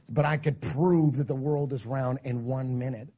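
A man's voice: mid-range voice, normal speed, few pauses, slightly rough. A man in his forties, a guest in casual chat, telling a long story and acting out the things people said to him. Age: 40s. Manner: animated storytelling, acting out quoted exchanges.

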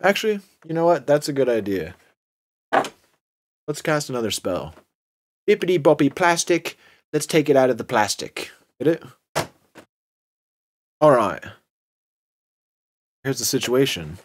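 A man's voice: medium pitch, sing-song, unhurried, long pauses, slight background noise. A young man hosting an unboxing video, talking in a casual, sarcastic and rambling way.

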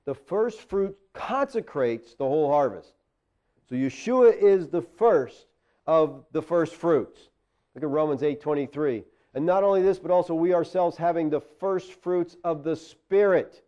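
A man's voice: a little high, measured pace, mellow, dull audio. A man preaching a sermon as pastor, talking conversationally and rising to emphatic exclamations.

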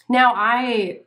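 A woman's voice: fairly high pitch, fairly bright tone. A woman hosting her own video channel, talking to viewers in an earnest, conversational way with the odd "um". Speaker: YouTube channel host. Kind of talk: casual commentary to camera.

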